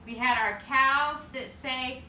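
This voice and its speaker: A woman teacher leading circle time for toddlers, talking slowly and encouragingly in a sing-song way. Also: high-pitched, fairly even intonation, sharp tone, reverberant, distant mic, a little hiss or hum. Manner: sing-song, slow and encouraging with small children. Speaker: preschool teacher.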